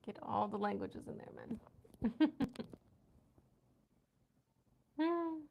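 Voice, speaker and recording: A woman's voice: mid-range voice, expressive, very slow, vocal fry, pauses often, highs cut off. An American woman hosting a casual night-time livestream from home, chatting with viewers, trying out foreign words and laughing often. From United States. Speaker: livestream host.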